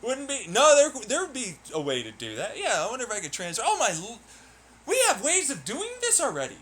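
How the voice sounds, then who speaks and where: High-voiced young man ranting profanely. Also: huge pitch swings, fairly quick, bright, forceful tone, slight background noise. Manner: profane, laughing, irritated ranting. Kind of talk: rambling solo talk while playing.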